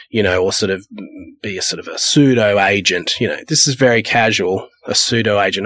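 Man, lowish voice, dry close sound, rambling anecdotes, casual interview. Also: brisk, fairly bright tone, no room sound. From Perth, Australia. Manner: rambling, anecdotal, acts out the people in his stories. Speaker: music producer and label owner.

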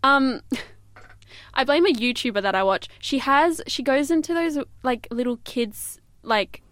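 Bubbly high-voiced young woman rambling. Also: unhurried, fairly bright tone, no room sound. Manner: giggly, rambling, lots of fillers. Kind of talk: casual chat.

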